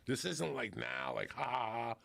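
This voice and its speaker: Gravelly man telling profane stories. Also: mid-range voice, moderate pace, fairly bright tone. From Cuban family in New Jersey. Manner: swears constantly, acts out family members mid-story. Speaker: podcast guest. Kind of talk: profane comic storytelling.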